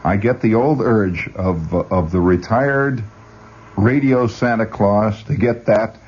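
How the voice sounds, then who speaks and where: A man's voice: on the low side, takes it slowly, a little mellow, slightly rough. A man hosting a rambling radio monologue, full of stammered restarts and chuckling asides. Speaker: radio host. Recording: dull lo-fi radio recording.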